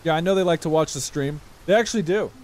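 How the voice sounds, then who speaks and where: A man's voice: fairly high pitch, fast, slight background noise. A young man live-streaming a game, chatting casually with viewers and swearing in exasperation. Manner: profane, exasperated banter with chat. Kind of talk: casual gameplay commentary.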